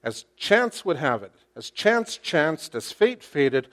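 A man preaches a sermon to a congregation in a church. He has an engaging, animated way of telling a story. He poses rhetorical questions and slips in wry humor. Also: a little high, slow. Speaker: pastor. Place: church, speaking to a congregation with slides.

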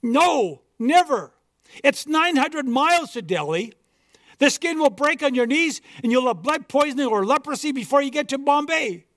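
Man doing a kindly missionary: urgent, pleading, high voice. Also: lively intonation, normal speed, fairly bright tone, dry recording. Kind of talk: storybook dialogue reading.

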